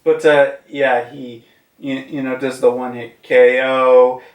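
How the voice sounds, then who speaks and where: A man's voice: mid-range voice, level tone, unhurried. A man casually reviewing a comic chapter, rambling with lots of fillers and restarts. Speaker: manga reviewer. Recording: echoey room, far from mic.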